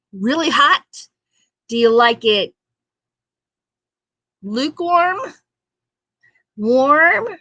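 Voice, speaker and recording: Slow, bright woman host. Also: fairly high pitch, no echo. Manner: chatty and homey, laughs often, many fillers. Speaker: livestream talk show host. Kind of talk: casual chat reading viewer comments.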